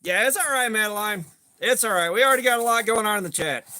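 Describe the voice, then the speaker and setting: A man's voice: sits high, fast, bright, forceful tone. A man hosting a knife-testing livestream, casually greeting viewers and joking around. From USA. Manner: laid-back, greets chat viewers by name, joking.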